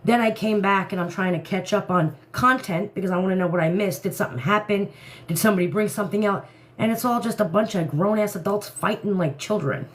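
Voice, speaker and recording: A woman talks to her live-stream viewers from home in a loose, chatty way. She goes off on animated rants, speaking straight into a phone, and laughs between thoughts. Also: medium pitch, a little fast. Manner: ranting, animated, laughs often. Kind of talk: casual live-stream chat.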